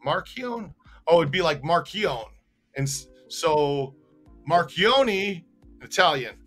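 A man's voice: fairly high pitch, measured pace, fairly bright tone, faint music behind. A man hosting a live stream, chatting and reading viewer comments aloud, often stumbling over names. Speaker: host.

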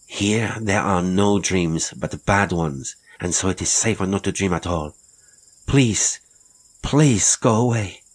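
A man voicing a weary, haunted castaway woman with a grave, slow voice. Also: low voice, steady tone. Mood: pleading.

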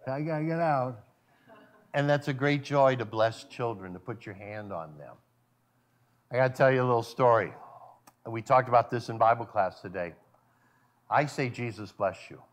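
A male pastor delivers a sermon at a church service, his voice on the low side, packed with rhetorical questions and sudden drops to a hush.

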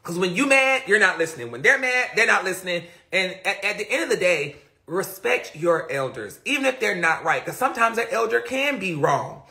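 A high, sing-song voice, pushed and bright, comes from a young man hosting a live stream indoors on his phone at a brisk clip. Casual and rambling, he keeps drifting into mutters and second-guessing himself, reflective throughout, heard through the phone mic.

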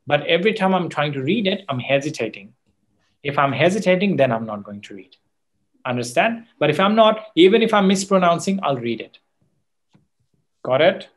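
Man, Australian accent, classroom lecture, emphatic, self-correcting, somewhat high voice. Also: very animated, normal speed. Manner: emphatic, questioning students often; frequent fillers and self-corrections. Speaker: exam coaching teacher.

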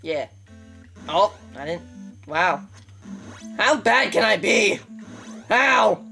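A young woman giving casual gameplay commentary on her channel, excitable and trash-talking the opponents. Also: medium pitch, very slow, gravelly, soft background music. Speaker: gaming channel host.

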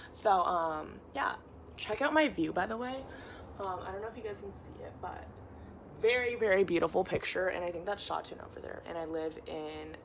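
A woman's voice: lowish voice, creaky, a bit bright, a little hiss or hum. A young American woman vlogging casually to camera, chatty and full of likes and ums, filming herself on a handheld phone. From United States. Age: young adult. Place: dorm room, then walking outdoors around campus.

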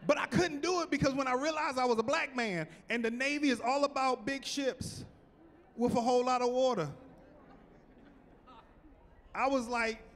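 A man doing stand-up on a big theater stage, with a voice that sits well above most men's. He delivers his jokes in an animated, punchy way that keeps climbing into exclamations. His voice rings out with the long reverb of a large hall. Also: extremely high pitch, normal speed, long pauses, a little hiss or hum. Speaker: stand-up comedian. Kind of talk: stand-up comedy set.

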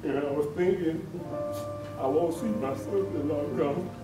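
A man's voice: fairly high pitch, moderate pace, over music. A man with a Louisiana accent gives a folksy, emotional eulogy at a funeral home chapel. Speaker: family member giving a eulogy. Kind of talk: heartfelt funeral tribute. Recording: echoey livestream from far off.

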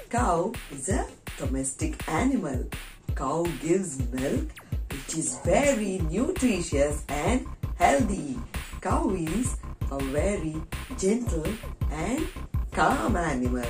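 Slow sing-song woman teaching children. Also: fairly low pitch, very animated, music in the background. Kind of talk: children's lesson.

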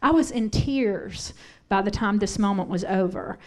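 A woman's voice: mid-range voice, a little slow. Middle-aged woman, church speaker, candid storyteller, conversational sermon, asks the room questions. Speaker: pastor's wife teaching on parenting. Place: church sanctuary.

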